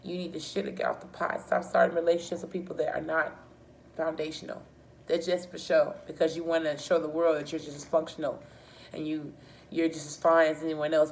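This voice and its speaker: Blunt, low-voiced woman reading tarot. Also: a little mellow, a little hiss or hum. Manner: blunt and profane, frequent restarts. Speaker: tarot reader. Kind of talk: casual tarot reading to camera.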